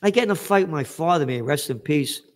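A man's voice: on the high side, lively intonation, fast talker. A man, a guest author talking in a blunt, emphatic, streetwise way. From United States. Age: 70s. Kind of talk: animated interview talk.

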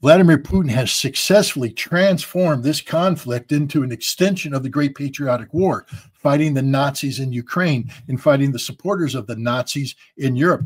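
A man's voice: medium pitch, slightly rough. A man from the United States giving emphatic, blunt political commentary as a guest.

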